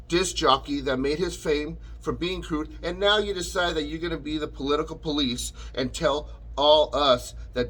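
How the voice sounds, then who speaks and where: A man's voice: a little high, fairly bright tone, slightly rough, low-quality recording. A man delivering an angry, profane rant as an online commentator, combative and sarcastic, talking straight at the person he attacks. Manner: combative, sarcastic, addresses his target directly.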